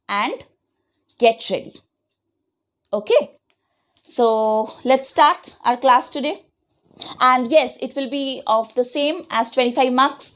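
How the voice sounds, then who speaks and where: A woman teaching an online class, patiently dictating answers and spelling out words letter by letter. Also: a little high. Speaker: schoolteacher. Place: home.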